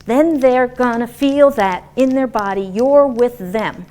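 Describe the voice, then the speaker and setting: Woman giving a lively therapy lecture. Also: on the high side, measured pace. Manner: animated, demonstrative, acts out example voices. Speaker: dance/movement therapist lecturer. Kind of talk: interactive classroom lecture.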